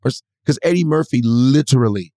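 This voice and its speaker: Animated storytelling comedian, dry sound. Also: male voice, mid-range voice, fairly quick, no echo. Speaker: comedian guest. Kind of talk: casual podcast chat.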